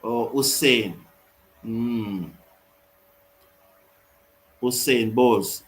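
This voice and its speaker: A man hosting a live cricket watch-along, mixing excited commentary with reading out viewer comments. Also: mid-range voice, drawn-out words, pauses often, rough recording.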